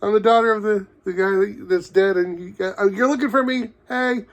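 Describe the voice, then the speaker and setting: A man voicing a reckless, annoying young woman who shouts out her name, in a high mocking falsetto. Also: steady tone, brisk. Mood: mocking shrill.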